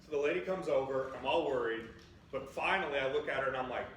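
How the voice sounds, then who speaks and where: A man's voice: medium pitch, fast talker, a bit bright, slight background noise. A young man in his twenties preaching a sermon in a casual, storytelling way, upbeat and chatty with lots of "like" fillers. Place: church sanctuary. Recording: echoey church from a distant mic.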